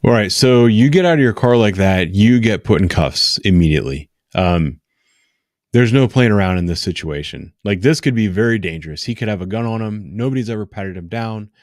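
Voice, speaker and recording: A man in his thirties, a police officer, giving frank, exasperated commentary on a live stream with many pauses and fillers. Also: lowish voice, expressive, no room sound, studio quality. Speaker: police officer reacting to bodycam footage.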